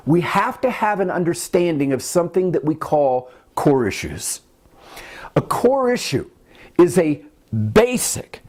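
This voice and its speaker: An earnest self-help teacher in their fifties gives a motivational teaching talk. The voice sits at a middle pitch but swings up and down with lively emphasis. They press each point and keep turning questions back on the listener.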